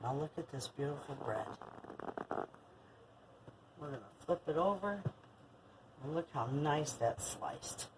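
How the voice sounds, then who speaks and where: A woman's voice: deep voice, lively intonation, a little slow, long pauses, background noise. Chatty older woman in a kitchen. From Michigan. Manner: chatty, rambling, affectionate. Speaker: homestead vlogger. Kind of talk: casual kitchen vlog. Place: home kitchen.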